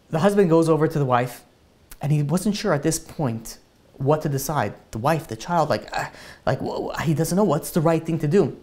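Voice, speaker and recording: A man, a rabbi, tells a long story in a sermon, acting out the voices with lots of fillers. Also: a little high. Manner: animated storyteller, acts out dialogue, many fillers.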